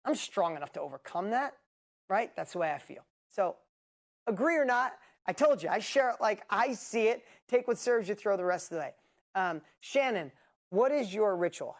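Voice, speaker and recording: A man's voice: on the high side, gravelly. A man coaching a live group, answering questions in a blunt, emphatic, motivational way. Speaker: business coach and host.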